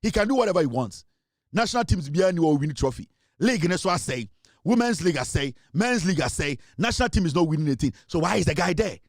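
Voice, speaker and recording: A man's voice: fairly high pitch, sing-song, fast, no echo, clean studio sound. A Ghanaian man hosting a sports talk show, ranting angrily and mixing in Twi. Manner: angry, indignant, switching between English and Twi. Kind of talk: ranting commentary.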